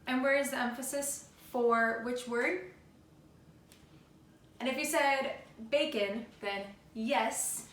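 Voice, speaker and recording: A woman leads a music class for young children with an upbeat, encouraging voice that sits fairly high. She chants simple rhythms aloud between her instructions. The sound is roomy and distant, with loud noise behind her. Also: slow, pauses often. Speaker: elementary music teacher. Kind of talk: remote music lesson for children. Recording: roomy, distant, noisy home video.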